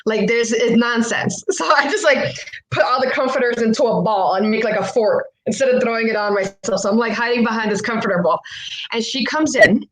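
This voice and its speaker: A woman's voice: a little high, animated, fairly quick, a bit bright, low-quality recording. A woman telling a true personal story on stage, frank and profane, laughing as she goes and switching between English and Spanish.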